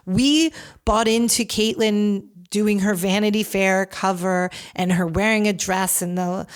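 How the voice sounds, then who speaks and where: A woman's voice: medium pitch, steady tone, measured pace. A woman hosting a podcast, giving candid, opinionated commentary that rambles with frequent restarts. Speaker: podcast host.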